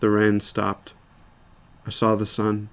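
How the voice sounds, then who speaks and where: Male storyteller; plain, measured short-story narration. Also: fairly low pitch, monotone. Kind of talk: reading a short story aloud.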